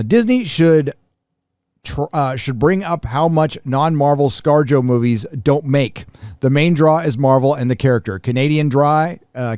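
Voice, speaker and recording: A male host reads viewer messages aloud on a live stream, adding quick offhand remarks between them. His voice sits at an ordinary middle pitch. The sound is dry and close to the mic. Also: a little mellow, dry recording. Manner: reads superchats aloud then comments offhand. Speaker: host reading donations. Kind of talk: casual live-stream chat.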